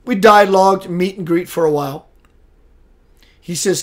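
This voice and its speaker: A middle-aged man hosting a spiritual live show, telling stories in a lively way, acting out the voices he quotes, and greeting viewers by name. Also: fairly high pitch, normal speed. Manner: animated storyteller, acts out quoted voices, reads out viewer names. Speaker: spiritual talk show host. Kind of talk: casual live-stream monologue.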